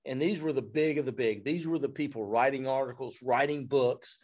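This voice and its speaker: A man, a fire service instructor telling a story in an interview in an animated, self-deprecating way. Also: medium pitch, fairly quick.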